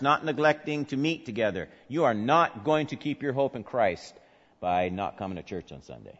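A male pastor preaching a sermon, swinging from soft, low murmurs to loud, emphatic peaks. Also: sing-song, normal speed. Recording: dull sound with long hall reverb.

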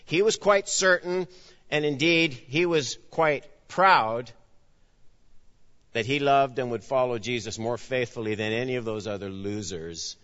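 Bright-voiced preacher man in a hall. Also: medium pitch, a little slow, dull audio. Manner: acts out dialogue with shifting emphasis, swings between loud and hushed. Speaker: pastor. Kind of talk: sermon.

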